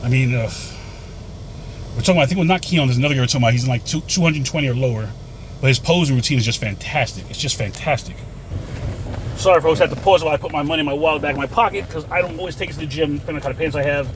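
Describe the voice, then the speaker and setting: A man in his thirties talks quickly and rambles, chatting to his viewers as folks in a casual vlog. His voice sits a little high. Faint traffic hums around him outside. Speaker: vlogger. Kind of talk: casual rant to camera.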